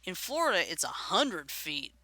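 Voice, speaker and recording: Bright, gravelly-voiced chatty co-host. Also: medium pitch, big pitch swings, normal speed, dry recording. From Alabama, US. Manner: chatty, thinks aloud while searching. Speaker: co-host of a live-streamed talk show. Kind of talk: casual chat, looking things up aloud. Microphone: streaming setup.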